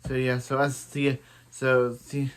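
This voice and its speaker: A man's voice: medium pitch, completely flat delivery, slow, clean tone. Guy rambling through a tv episode recap, lots of so yeah and he's like. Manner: rambling, many restarts and "he's like" retellings. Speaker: TV episode reviewer.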